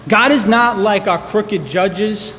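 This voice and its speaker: Male pastor, emphatic sermon delivery, high voice, hall reverb, faint background hiss. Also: slow pace, a bit bright. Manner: emphatic, repeats key words for stress.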